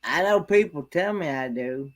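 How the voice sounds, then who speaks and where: A man with a Southern accent chatting casually, speaking haltingly and repeating words as he goes. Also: a little high, expressive. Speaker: regular guest. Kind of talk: casual chat.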